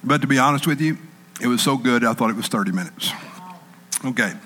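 A man preaching a sermon in an animated way, acting out panicked people in a raised voice. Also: mid-range voice, brisk, in a large hall.

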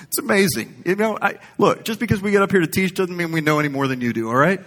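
A man's voice: high-pitched, fast, a bit bright. A man preaching a sermon in a conversational, humorous style, wandering off into stories. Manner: conversational, humorous, rambling storyteller.

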